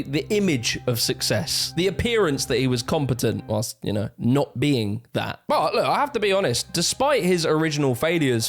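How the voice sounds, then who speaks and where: A man narrates a commentary video essay, sarcastic and animated and not shy of swearing. His voice sits a bit high and swings widely in pitch, with faint music playing underneath. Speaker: YouTube host and narrator.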